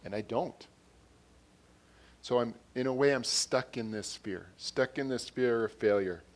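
Here a male preacher speaks earnestly, circling back to the same phrases and getting louder as he reads quotes and scripture. He has a mid-range voice and keeps a measured pace.

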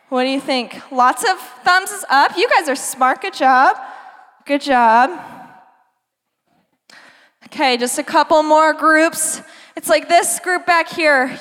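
Bubbly high-voiced young woman preacher. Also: sharp tone. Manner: bubbly, chatty, talks straight to the kids. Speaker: youth pastor. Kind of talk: youth group sermon. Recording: long hall reverb.

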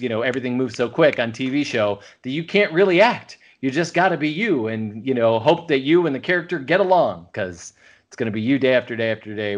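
A man co-hosting a casual podcast chat, rambling along with lots of filler words. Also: medium pitch. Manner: rambling, full of "you know" fillers. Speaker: podcast co-host.

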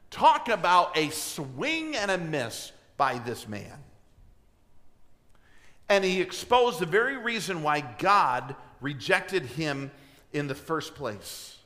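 Pastor, male, delivering an emphatic sermon in a church with rhetorical questions. Slow, deliberate delivery and a long-ringing hall. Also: fairly high pitch, sing-song, pushed and bright. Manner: clears throat often. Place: church sanctuary.

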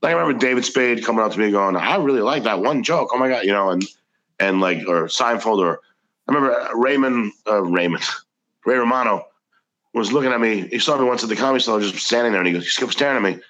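A man's voice: on the low side, fast, a bit bright, low-quality recording. A man, a comedian guest, telling casual anecdotes in a chatty, rambling way. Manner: chatty, anecdotal, frequent restarts. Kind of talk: casual storytelling.

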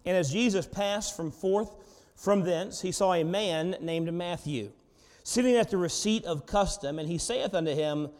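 A man preaching a sermon in a church, telling the story dramatically and swinging between soft and loud. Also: high-pitched, measured pace. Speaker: pastor. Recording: long reverb of a large hall.

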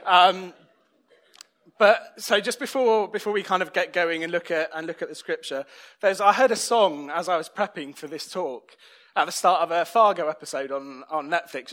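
A man's voice: sits high, fairly bright tone. A man preaching a sermon in a conversational, self-deprecating way.

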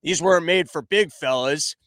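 Man putting on a huge gruff biker, raspy, manly, deep-set, middle-aged. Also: normal speed, a bit bright, no room sound, studio quality, natural voice.

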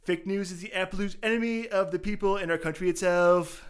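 Man putting on a loud, pouty politician voice, mock tough guy, raised pitch, fairly high. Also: fairly even intonation, a little fast, clean tone, close to an everyday voice. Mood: bombastic. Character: impression of a brash male politician. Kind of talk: comedic impression.

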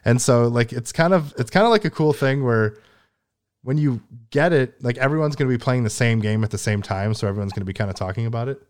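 A man's voice: mid-range voice, quick pace. A man hosting a casual gaming podcast, rambling and laughing often as he talks. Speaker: podcast host.

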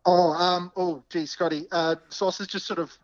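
A man's voice: high voice, level tone, moderate pace, no room sound, dull audio. An Australian man doing a comic mock field report, hesitant and full of ums. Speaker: podcast co-host playing a field reporter.

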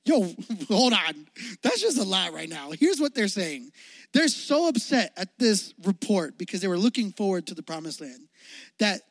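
A man's voice: sits high, big pitch swings, moderate pace, no room sound. A young man giving a youth sermon in a playful, slangy, joking way, acting out the Bible story. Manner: playful, jokey, slangy, acts out quotes. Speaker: youth pastor.

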